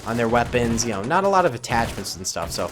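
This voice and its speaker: Excitable twenty-something male gaming host, goofy casual commentary, steady mid-range voice, loud game gunfire under the mic. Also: mid-range voice, fast talker. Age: 20s. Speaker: gaming YouTuber. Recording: gunfire and battle noise under voice. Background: game gunfire and explosions.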